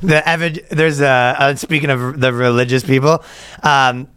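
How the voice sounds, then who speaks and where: A man's voice: medium pitch, steady tone, moderate pace, fairly bright tone, clean tone. A man co-hosting a comedy podcast, telling crude jokes in casual chat. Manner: jokey, breaks into mock preacher voices. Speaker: podcast co-host.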